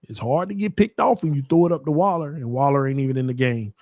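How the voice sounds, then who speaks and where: A young man hosting a live watch party, calling plays and bantering with his viewers in casual slang, swinging between hype and low mutters. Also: quick pace, hardly any pauses, no room sound, studio quality. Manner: excitable, jumps between hyped play-calling and low muttering asides. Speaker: sports watch party host. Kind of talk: live game commentary and chat.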